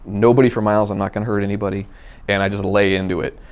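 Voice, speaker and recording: A man telling a personal car story in a casual, animated way, acting out the dialogue. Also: on the low side, racing, clean tone. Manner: animated, acts out quoted dialogue. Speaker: guest storyteller.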